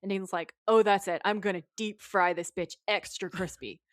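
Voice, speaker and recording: A woman's voice: mid-range voice, steady tone, moderate pace, dry recording, clean studio sound. A woman co-hosting a podcast, casually recapping an episode and quoting the characters' lines as she goes. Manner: retells scenes while quoting the characters' lines. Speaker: podcast co-host.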